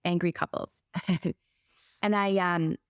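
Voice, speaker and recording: A woman's voice: fairly low pitch, steady tone, takes it slowly, clean tone, no room sound, clean studio sound. A woman in her forties, a business coach for therapists, telling her story in a casual interview and acting out her own past words.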